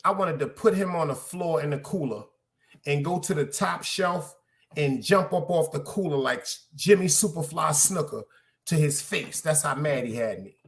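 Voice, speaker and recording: Animated storytelling New man. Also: on the high side, moderate pace, creaky. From Brooklyn, New York. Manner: animated, profane, repeats lines for emphasis, addresses listeners directly. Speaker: podcast host. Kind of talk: casual storytelling rant.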